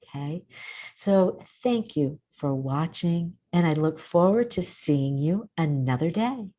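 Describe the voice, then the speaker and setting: Female counselor-host, earnest advice delivery, mellow and a bit low. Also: expressive. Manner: earnest, cautionary, pauses between phrases. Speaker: counselor hosting a mental health show. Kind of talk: advice talk to camera.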